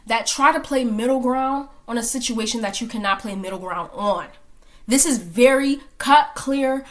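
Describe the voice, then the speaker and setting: A woman giving a blunt, heated opinion in a commentary vlog, hammering her points with rhetorical questions and swearing. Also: a little high. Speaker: commentary vlogger.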